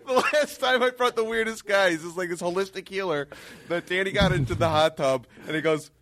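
A man's voice: high voice, brisk, fairly bright tone, a little hiss or hum. A man who is a guest on a comedy talk show, telling stories in a casual, easygoing way. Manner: casual, storytelling.

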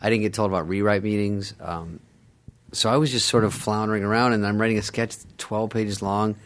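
A man telling stories in casual chat as a podcast guest, acting out other people's lines with lively changes of voice. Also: fairly low pitch, fairly quick. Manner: animated storyteller, acts out other people's lines. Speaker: podcast guest, former sketch comedy cast member.

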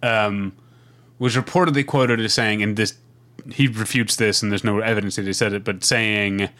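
Midwest guy in his 40s just chatting on a podcast, kinda low voice, keeps restarting his sentences. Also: steady tone, normal speed, a bit bright. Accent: Midwestern American. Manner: rambling, self-interrupting, laughs easily. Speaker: podcast co-host. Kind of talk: casual podcast chat.

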